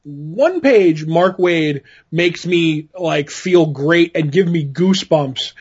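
Guy on a podcast, kinda high voice, gets excited and stumbles a bit, dull audio. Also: breathy edge. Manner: enthusiastic, halting with restarts. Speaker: podcast co-host. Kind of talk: casual chat.

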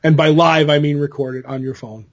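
A man's voice: a little high, fairly even intonation, normal speed, muffled recording. A man co-hosting a podcast in casual chat, rambling through stories with many fillers and restarts. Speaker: podcast co-host.

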